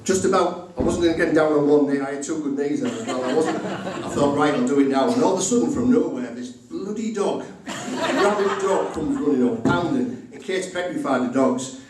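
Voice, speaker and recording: Speaking at a moderate pace with hardly a pause, a middle-aged groom in an animated, somewhat high voice delivers a humorous speech, acting out both parties in every exchange. Heavy background noise fills the very echoey indoor reception room, captured from a distance.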